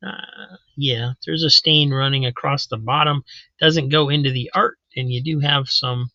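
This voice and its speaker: A man's voice: medium pitch, steady tone, a little slow, sharp tone, no echo, dull audio. A man casually hosting a live comic book auction, chatting as he describes each issue.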